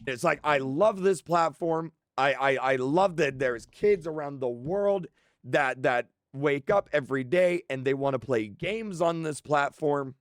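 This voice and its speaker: A man's voice: on the high side, a little slow, no room sound. Earnest, frustrated man, dry close sound. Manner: earnest, frustrated, repeats himself in restarts. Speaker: game creator. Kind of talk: impassioned monologue.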